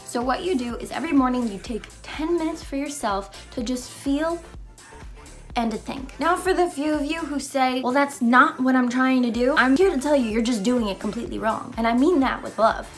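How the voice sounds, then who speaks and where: A young woman with a high, light voice talks straight to her viewers in an earnest, motivational vlog. She sounds heartfelt and a little emotional, with teasing asides now and then. Faint music plays underneath. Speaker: vlogger. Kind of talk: casual motivational vlog talk.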